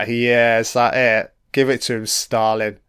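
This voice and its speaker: A man talks slowly and deliberately through a film commentary. He swears freely and heckles the characters. His throat is slightly croaky, yet the voice stays smooth and clear, and it sounds close and dry. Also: medium pitch, little pitch movement, fairly bright tone, dry recording. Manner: profane, talks back at the screen.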